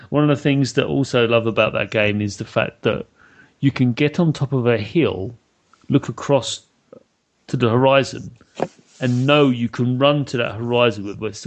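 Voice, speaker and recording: A British man hosting a podcast interview, chatty and enthusiastic, laughing often. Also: medium pitch. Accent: British English. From Britain. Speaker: podcast host. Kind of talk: casual interview chat.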